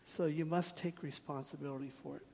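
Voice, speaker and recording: Gravelly man preaching in a reverberant hall. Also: a little high, steady tone, brisk, a little mellow, slight background noise. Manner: earnest, direct, asks the congregation questions; slips in wry jokes. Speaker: pastor. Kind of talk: sermon.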